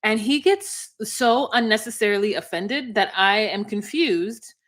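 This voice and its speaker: A woman's voice: mid-range voice, unhurried. A woman co-hosting a casual recap podcast, wry and sceptical as she sums up episodes. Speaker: podcast co-host.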